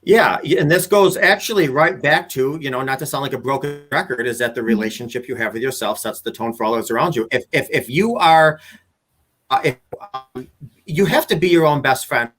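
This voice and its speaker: A man's voice: mid-range voice, a little fast, fairly bright tone. A man, a relationship coach, explaining his ideas earnestly as a guest in a casual interview, often restarting his sentences.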